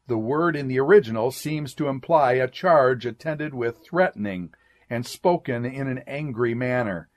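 A man reading an old sermon aloud in a measured, deliberate way, speaking each "quote" and "end quote". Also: medium pitch. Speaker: sermon reader.

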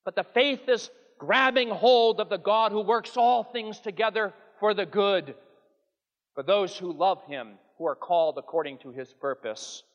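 A man's voice: high voice, a bit bright. A man preaching a sermon with earnest, emphatic delivery that rises and falls. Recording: long hall reverb.

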